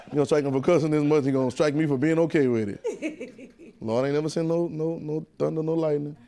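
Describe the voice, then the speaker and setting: A Southern-accented male pastor preaches in a loose, conversational way, teasing his congregation and drawing responses from them. His voice sits a little higher than most men's. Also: a little fast, warm tone. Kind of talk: preaching a sermon. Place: church sanctuary with congregation.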